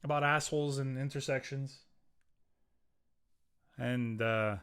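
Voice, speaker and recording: A man's voice: medium pitch, steady tone, takes it slowly, a bit bright, smooth. A middle-aged man hosting a solo podcast, ranting in a profane, rambling way with frequent restarts. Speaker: podcast host.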